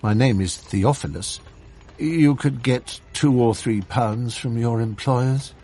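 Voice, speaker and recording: A man's voice: medium pitch, slow pace, dark tone. Man reading as a worried, pleading father. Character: worried middle-aged father.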